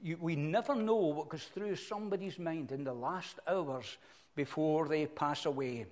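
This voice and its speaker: Earnest preacher, slightly high voice. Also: male voice, a little mellow. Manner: earnest, reflective, with halting restarts. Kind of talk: sermon.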